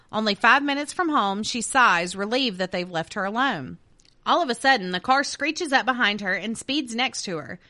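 A woman's voice: a little high, bright, forceful tone. A woman, co-hosting a casual podcast and reading urban legends aloud to her co-host. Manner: reads stories aloud, then jokes and laughs with co-host. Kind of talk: casual storytelling chat.

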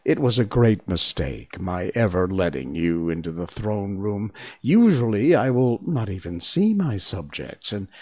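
A man's voice: fairly low pitch, very animated, measured pace, few pauses, darkish tone, exaggerated voice. A man voicing a timid little old man posing as a great wizard, stammering and trembling as he speaks in a storybook reading. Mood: pleading.

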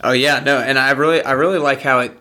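Bright-voiced male interview host. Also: mid-range voice, steady tone, quick pace. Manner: engaged, affirming listener. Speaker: podcast host. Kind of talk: conversational interview.

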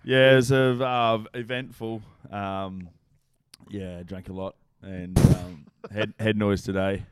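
An Australian man in his thirties co-hosting, talking in animated banter with frequent laughs. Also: lowish voice, slow, clear, resonant tone. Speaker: co-host. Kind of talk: casual chat.

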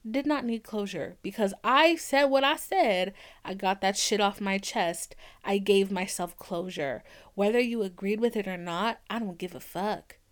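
A woman's voice: mid-range voice, a little slow, hardly any pauses. A young woman hosting a podcast, talking bluntly and with lots of swearing, acting out arguments she has had. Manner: blunt, profane and animated, acting out quoted arguments. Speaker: podcast host. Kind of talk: candid podcast talk.

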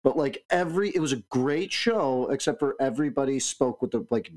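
A man's voice: mid-range voice, a little fast. A man in his thirties co-hosting a podcast in casual chat, rambling with many fillers. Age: 30s. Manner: rambling, filler-heavy, animated. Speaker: podcast co-host.

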